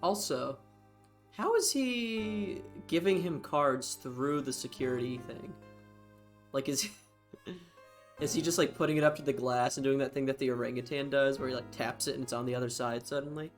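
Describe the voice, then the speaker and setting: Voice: mid-range voice, moderate pace. Streamer goofing off over a game, crude jokes, faint music behind. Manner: joking, crude asides. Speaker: streamer playing a game with friends. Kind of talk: casual gaming chat.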